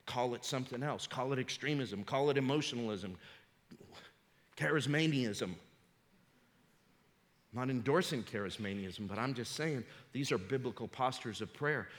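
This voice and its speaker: Fervent preacher in a reverberant hall. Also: male voice, mid-range voice. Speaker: pastor. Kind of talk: sermon.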